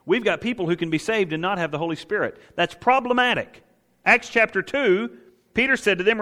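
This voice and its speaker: With a bright, forceful tone and a high-sitting voice, a man preaches briskly and emphatically as pastor. He asks questions and answers them himself, and the sound has long hall reverb.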